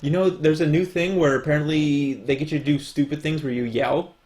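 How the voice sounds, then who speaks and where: A man co-hosting a podcast, talking casually in an animated, rambling way with frequent laughs. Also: fairly high pitch, brisk. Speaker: podcast co-host. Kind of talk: casual chat.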